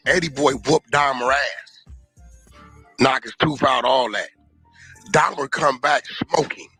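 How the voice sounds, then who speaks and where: A man's voice: mid-range voice, takes it slowly, pauses often, bright, forceful tone, breathy edge, dry recording, faint music behind. A man telling a story bluntly in clipped street slang, played as a clip.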